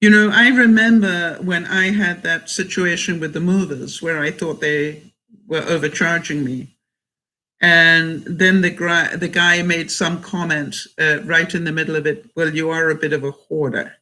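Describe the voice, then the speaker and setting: An outspoken woman vlogger answers her viewers' comments in a relaxed, chatty way. Her voice is bright and forceful, and she leans hard on her points with an assertive, emphatic delivery. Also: on the low side, measured pace, rough recording. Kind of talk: casual live chat.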